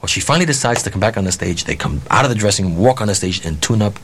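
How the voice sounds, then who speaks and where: A man's voice: on the low side, rapid-fire, breathy edge. Blunt, profane man telling a story. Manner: blunt, profane, animated ranting. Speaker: concert promoter. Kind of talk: anecdotal storytelling.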